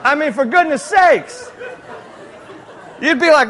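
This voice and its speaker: Male pastor with a high voice, animated, jokey sermon delivery. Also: normal speed, long pauses, some chatter behind. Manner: animated, jokey preaching with frequent laughs.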